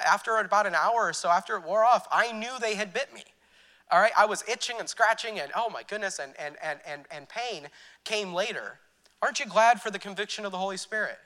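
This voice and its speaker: A man with a high, bright voice preaching a church sermon. He talks in a loose, chatty way, stumbling over fillers and restarting his sentences as he works through a story. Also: big-room sound. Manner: conversational, many fillers and restarts, laughs at his own story.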